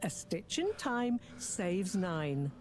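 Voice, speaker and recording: A prim, motherly professor in a video game, speaking with precise, proper diction. Her voice rises and falls widely, with faint low rumble underneath. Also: very animated, very slow, a little mellow, heavily acted. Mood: fussy. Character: prim, wordy older woman professor, motherly.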